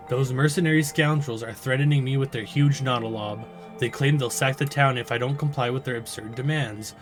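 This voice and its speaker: A man's voice: medium pitch, close to an everyday voice. A jittery, prim village mayor woman who keeps insisting all is fine, as a man voices her. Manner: fussy, polite, nervously reassuring. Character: flustered, nervous female village mayor and seer.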